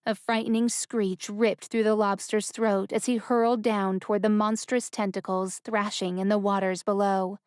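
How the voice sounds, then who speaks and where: Woman reading a fantasy audiobook, smooth clear voice, dry close sound. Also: medium pitch, a little mellow, no room sound. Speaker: audiobook narrator. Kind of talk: scripted narration.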